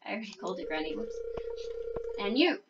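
A woman's voice: mid-range voice, sing-song, fast, dull audio, noisy background. A young Australian woman chatting playfully and jokily while playing a farming game with a friend. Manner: playful, giggly, jokey. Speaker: gaming co-host. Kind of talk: casual gameplay chat.

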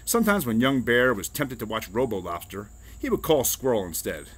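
Expressive man reading a picture book. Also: mid-range voice, normal speed. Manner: expressive, storytelling. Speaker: reader.

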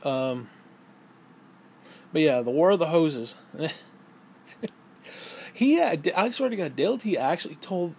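A man's voice: on the high side, very animated, measured pace, long pauses, darkish tone, a little hiss or hum. A man rambling through a casual vlog monologue, swearing freely, interrupting himself and laughing often. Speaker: vlogger.

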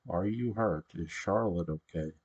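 A man's voice: low voice, a little slow, a little mellow, breathy edge, dull audio. Man voicing a worried hermit witch mother. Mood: urgent. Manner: soothing but urgent, begging.

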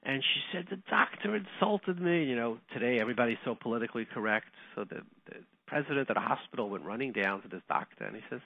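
A man, a rabbi giving a lecture, telling a story in a lively way and acting out the quotes. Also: mid-range voice, quick pace, no echo. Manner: animated, acts out the quotes in his stories. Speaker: rabbi and speaker. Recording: tinny phone-like, dry sound.

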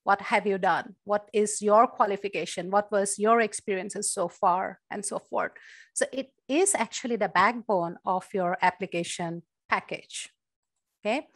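A woman's voice: mid-range voice, a little slow, no room sound, studio quality. A woman professor giving an online workshop, explaining at length with many uh and you know fillers. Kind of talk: online presentation. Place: virtual talk from home or office. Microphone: computer mic on video call.

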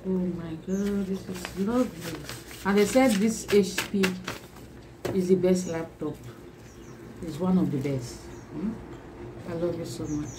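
Gushing woman, slow and repetitive. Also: lowish voice, noisy background. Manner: gushing, repeats exclamations over and over; laughs often between lines. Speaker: vlogger. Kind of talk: excited unboxing vlog.

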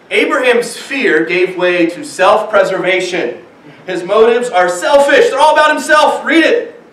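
Heard from a distance in an echoey sanctuary, a pastor who is a young or middle-aged father of small children preaches with animation and voices the characters in his stories. His voice sits high, fairly bright and expressive, and a little slow.

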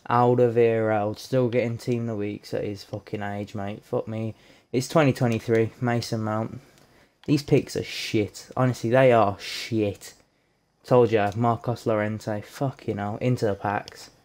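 Sweary excitable gaming lad. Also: male voice, lowish voice, measured pace. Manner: sweary, excitable, jokey banter. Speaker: gaming YouTuber. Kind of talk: live gameplay commentary.

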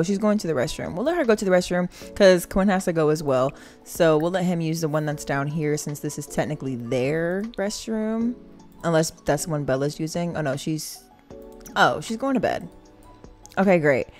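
Giggly low-voiced woman gamer. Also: lively intonation, moderate pace, darkish tone. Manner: chatty, giggly, addresses viewers as y'all. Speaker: gaming channel host. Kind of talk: casual game commentary. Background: game music.

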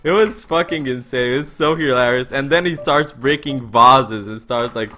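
Man, twenties, bright forceful voice, rambling, filler-heavy, swearing, casual stream chat. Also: mid-range voice, moderate pace, soft background music. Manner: excitable storyteller, laughing. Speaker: poker streamer and coach. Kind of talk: casual live-stream chat while playing poker.

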